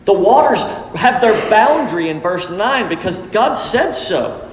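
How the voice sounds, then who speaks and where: A man's voice: sits high, very animated, measured pace. A middle-aged man preaching a sermon as pastor, emphatic and repeating phrases for stress. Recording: echoey hall, faint background noise.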